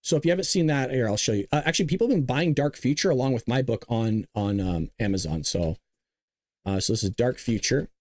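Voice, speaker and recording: A man's voice: mid-range voice, lively intonation, a little fast, darkish tone. A man hosting a live news commentary show, ranting emphatically with repeats and restarts.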